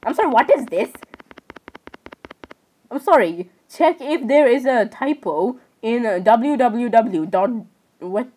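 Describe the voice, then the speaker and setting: A woman's voice: on the high side, expressive, slow pace, pauses often, warm tone, rough recording. A woman vlogger rambling as she browses online, giggling and apologizing over and over. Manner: rambling, keeps apologizing, giggly, says "literally" often. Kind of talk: casual screen-browsing commentary.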